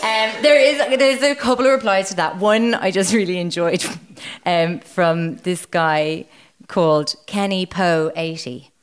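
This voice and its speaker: A woman's voice: on the low side, a little slow. Brief: Irish woman, live podcast host, giggly sarcastic storyteller. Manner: giggly, reads quotes aloud with sarcastic asides. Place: live show stage.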